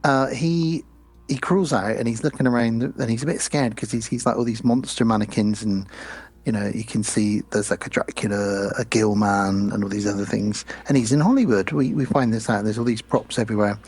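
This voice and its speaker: A man's voice: on the low side, fairly even intonation, brisk, darkish tone, slightly rough, dry recording. A man co-hosting a podcast, recapping a horror film in a chatty, rambling way. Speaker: podcast co-host.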